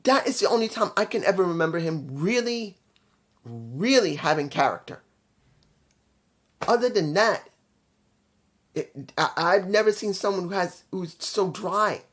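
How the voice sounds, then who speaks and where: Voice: mid-range voice, animated, unhurried, pauses often. A host giving a loose, casual video review, blunt and opinionated, often stumbling over names and correcting themself.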